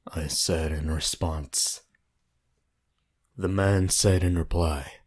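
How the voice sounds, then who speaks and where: Very deep-voiced man reading horror slowly. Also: steady tone. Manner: slow, measured, somber reading. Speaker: horror story narrator. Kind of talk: scripted narration.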